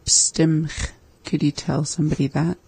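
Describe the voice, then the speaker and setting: Gravelly, flat-voiced language learner. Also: mid-range voice, measured pace, noisy background. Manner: relaxed, echoes the teacher's words back. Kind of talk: casual lesson chat.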